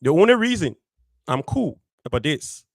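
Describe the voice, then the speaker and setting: A man's voice: on the high side, very animated, moderate pace, dry recording. A man hosting a community show, speaking straight to his audience with firm emphasis and repeating key phrases. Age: adult, married. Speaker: radio show host. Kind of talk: direct address on a community show.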